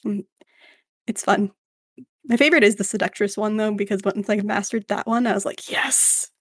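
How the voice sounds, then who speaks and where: Woman, game master, casual podcast chat, self-deprecating, mid pitch, dry room. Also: steady tone, slightly rough, no room sound. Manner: chatty, self-deprecating, quick restarts.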